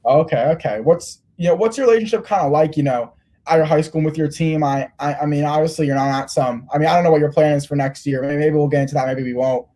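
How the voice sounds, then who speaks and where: Guy asking interview questions, talks quick, rambles and restarts, kinda mellow. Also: fairly high pitch. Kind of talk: casual interview.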